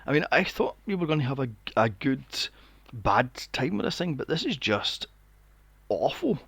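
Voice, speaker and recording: A man's voice: mid-range voice, very animated, normal speed, vocal fry, fairly bright tone, slightly rough, no echo. A man in his forties, co-hosting a podcast, ranting sarcastically and swearing while reviewing a movie. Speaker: podcast co-host. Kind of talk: casual movie review chat.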